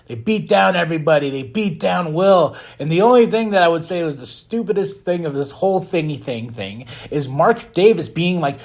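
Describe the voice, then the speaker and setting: A man hosting a podcast, giving a casual, excitable and rambling recap of a wrestling show, often breaking into laughs. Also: a little high, normal speed, hardly any pauses. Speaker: podcast host.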